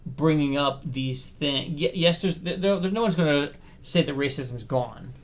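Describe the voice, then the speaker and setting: A man's voice: fairly high pitch, measured pace. A man in a casual podcast talk, speaking carefully and hedging, often repeating words while he thinks. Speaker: podcast co-host. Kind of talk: casual conversation.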